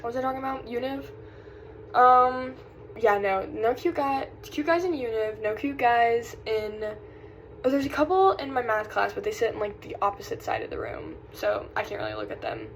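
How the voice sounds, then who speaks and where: A woman's voice: on the high side, animated, normal speed, rough recording. Young woman, light Southern accent, casual rambling vlog chat, sighs between thoughts, faint background hiss. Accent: Southern American. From South Carolina. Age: young adult. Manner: rambling, distracted, sighing. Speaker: vlogger.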